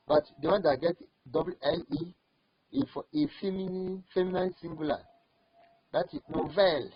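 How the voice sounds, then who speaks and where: Husky man teaching slowly with repetition. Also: fairly high pitch, no echo. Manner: slow, repeats each word several times. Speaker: French teacher. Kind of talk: online language lesson. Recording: dull lo-fi recording.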